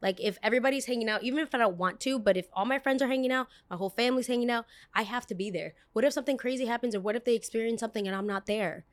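A woman's voice: on the high side, rapid-fire, hardly any pauses. A young adult woman hosting a podcast, telling a story in a chatty way, full of fillers, tangents and blunt swearing. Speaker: podcast host. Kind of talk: casual storytelling.

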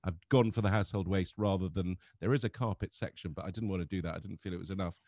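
An English man telling funny stories in casual chat, animated and often laughing as he talks. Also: deep voice, fast talker, no echo. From England. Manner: animated storyteller, laughs through his stories. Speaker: comedian guest.

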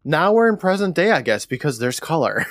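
A man co-hosting a podcast, reading through his recap notes with a wry, deadpan edge and laughing often along the way. His pitch swings lively up and down as he retells the scenes. The sound is dry and close. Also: normal speed, dry recording. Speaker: podcast co-host recapping an episode. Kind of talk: casual chat, recapping from notes.

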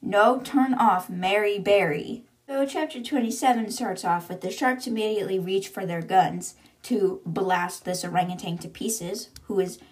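A young woman hosting a podcast casually recaps a book chapter by chapter, reacting to the story as she goes. She's chatty and uses lots of fillers, speaking at a moderate pace with few pauses in a slightly mellow, mid-range voice.

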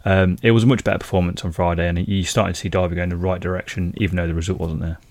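Male pundit, low voice, casual, full of ums and restarts, dry recording. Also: little pitch movement, very fast, darkish tone, dry recording. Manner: conversational, with frequent fillers and restarts. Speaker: football pundit. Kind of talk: casual football podcast chat.

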